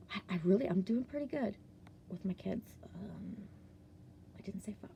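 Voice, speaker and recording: A woman's voice: medium pitch, expressive, measured pace, creaky, dark tone, dull audio, slight background noise. A woman from Ontario, Canada, telling a personal story in a casual vlog, swearing often, filling with "like" and sometimes dropping to a whisper. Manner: heavy swearing, many "like" fillers, drops to whispers. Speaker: vlogger.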